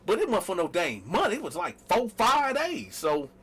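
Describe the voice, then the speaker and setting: A man telling a personal story in a casual storytime vlog, animated and slangy, talking straight to his viewers. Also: sits high, moderate pace, husky. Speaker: storytime vlogger.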